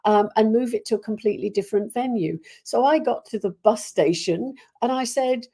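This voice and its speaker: Chatty Welsh woman with a mellow voice. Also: fairly high pitch, brisk, husky. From Wales. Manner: chatty and rambling, with many fillers and restarts. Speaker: host greeting live viewers. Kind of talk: casual live-stream chat.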